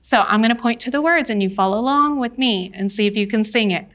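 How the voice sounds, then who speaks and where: A woman's voice: on the high side, fast talker, a bit bright. A woman teacher leading a cheerful, patient lesson for young children, coaxing them along.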